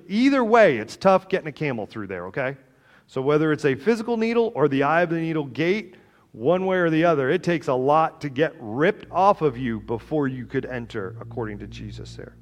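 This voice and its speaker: Male pastor, mid-pitched, animated sermon delivery, joking, loud and soft swings.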